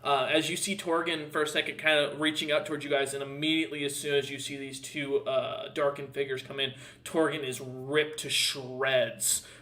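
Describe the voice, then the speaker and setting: A man's voice: mid-range voice, little pitch movement, moderate pace, hardly any pauses, pushed and bright. A man narrating a tabletop game as game master, rambling with many fillers. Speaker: dungeon master.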